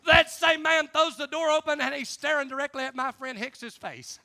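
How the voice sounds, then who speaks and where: A male evangelist preaches in a high, gravelly voice. His delivery is folksy and emphatic, and his tone is bright and forceful. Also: moderate pace. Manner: folksy, emphatic, laughs between stories. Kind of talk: sermon with personal storytelling.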